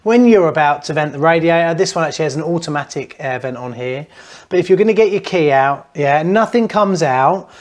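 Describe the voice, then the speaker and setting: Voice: medium pitch, lively intonation, fairly quick. A plumber explaining heating fixes to viewers in a blunt, teasing, jokey way. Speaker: plumber hosting a how-to channel. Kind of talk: casual instructional talk to camera.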